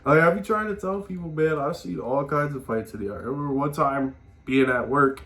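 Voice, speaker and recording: On his own advice podcast, a man with a slightly high voice tells stories at a brisk clip. He's animated and casual, using slang, swearing plenty, and tagging sentences with "man."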